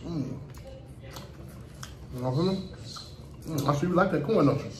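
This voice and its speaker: A man's voice: a little high, normal speed, echoey room, low-quality recording. A middle-aged man from Chicago with a Chicago accent, hosting a casual mukbang with his grandchild in a laid-back way. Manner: laid-back, keeps saying "you know what I'm saying". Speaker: host, grandfather.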